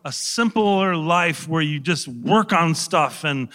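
Man, high bright voice, lively storytelling, laughs a lot, reverberant hall. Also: slow. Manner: animated, laughing, occasional swearing. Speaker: actor guest. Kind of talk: anecdotal talk show storytelling.

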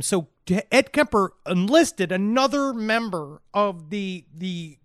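Male podcast co-host, high voice, rambling comic storyteller. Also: lively intonation, measured pace, few pauses, a bit bright, dry recording, studio quality. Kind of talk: comedic true-crime podcast chat.

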